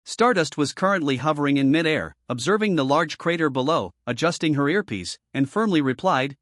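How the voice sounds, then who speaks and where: A man reading a scripted comic story recap in an even, steady narrating manner. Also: fairly high pitch, a little fast, hardly any pauses, dry recording, clean studio sound.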